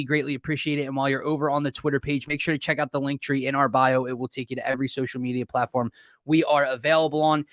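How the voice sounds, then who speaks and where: A man co-hosting a live sports talk show, upbeat, hyping the big game with drawn-out emphasis. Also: on the high side, a bit bright, no echo, studio quality. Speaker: co-host of a sports podcast.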